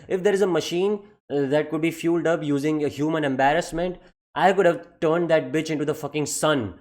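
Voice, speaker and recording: A young man telling a comedic personal story in an animated, profane and exaggerated way. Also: mid-range voice.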